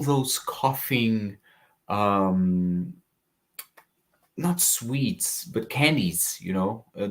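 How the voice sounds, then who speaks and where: Very low-voiced man reviewing fragrances. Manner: chatty, reads live chat comments aloud. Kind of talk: casual livestream review.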